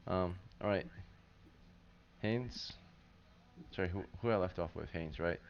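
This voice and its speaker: Game master, male, very low voice, loose rambling narration, dull lo-fi stream audio with faint hiss. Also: measured pace, creaky. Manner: loose, filler-heavy narration with frequent "right?" check-ins.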